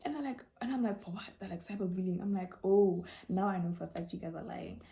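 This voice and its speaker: A young woman vlogger chats casually, telling stories and answering viewer questions. She acts out dialogue with animation and sudden jumps in voice. Her voice is mid-range with vocal fry.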